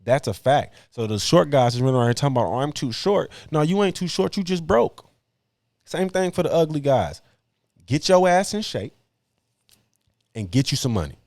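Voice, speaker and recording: A man's voice: fairly high pitch, big pitch swings, normal speed, long pauses, darkish tone, dry recording. A young man hosting a podcast, talking bluntly in slang and preaching hard-work advice to other men. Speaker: podcast host. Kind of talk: casual podcast debate, preachy monologue.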